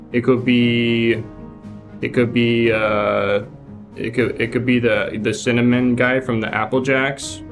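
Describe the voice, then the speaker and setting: A man's voice: medium pitch, close to an everyday voice. A man playing a shy, nervous male devil who works as a tattoo artist, talking hesitantly and evasively in an improvised comedy role-play. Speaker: improv performer playing a defendant.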